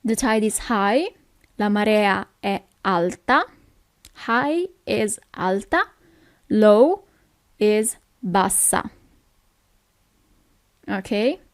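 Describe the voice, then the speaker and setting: A woman's voice: mid-range voice, expressive, extremely slow, long pauses, dry recording, studio quality. A woman from Italy with an Italian accent, teaching a language lesson, who explains things patiently and keeps checking in with "okay?".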